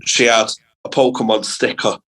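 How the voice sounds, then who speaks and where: Young comedian from England, casual sweary storyteller, lively and quick to laugh. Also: male voice, on the low side, low-quality recording. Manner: sweary, animated anecdotes with laughs. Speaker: comedian guest.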